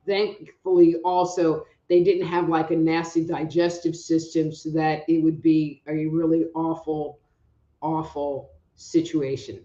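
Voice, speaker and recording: A rambling, chatty woman hosts a live online show with a fairly low voice. The sound is a bit roomy and dull, like a home stream. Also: dark tone. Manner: chatty and rambling, calls out audience members by name. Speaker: psychic reader hosting a live online show. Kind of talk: casual live-stream chat.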